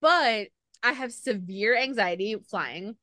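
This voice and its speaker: A woman hosting a podcast in casual chat, talking with lots of fillers and animated retelling. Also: fairly high pitch, slow, no echo, clean studio sound. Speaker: podcast host.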